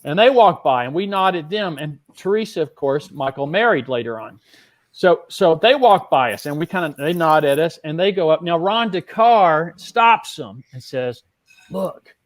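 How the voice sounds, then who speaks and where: A man's voice: on the high side, expressive, normal speed. A middle-aged man, a guest magician, telling a backstage story with animation and acting out other people's lines.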